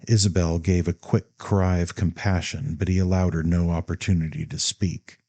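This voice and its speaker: A man narrating a classic novel in a steady, measured reading. His voice is deep and mellow, with a relaxed, dark tone. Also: no room sound. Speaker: audiobook narrator.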